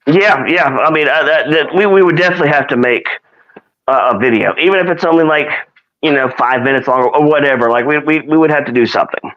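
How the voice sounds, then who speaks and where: A man's voice: a little high, quick pace, dull audio. A man co-hosting a live stream in a rambling, casual way, with many restarts. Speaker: co-host.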